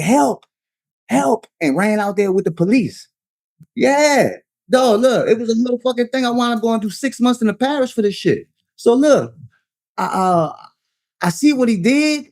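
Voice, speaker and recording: New guy in his 30s, animated storyteller, kinda high voice, dry close sound. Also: no room sound. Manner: animated storyteller, slangy, says "son" and "dog" often. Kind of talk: casual storytelling.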